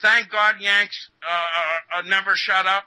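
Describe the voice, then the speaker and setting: A man's voice: sits high, fairly even intonation, unhurried, sharp tone, smooth, no echo, low-quality recording. A male guest in a casual interview, talking earnestly and preachily, stammering and repeating words.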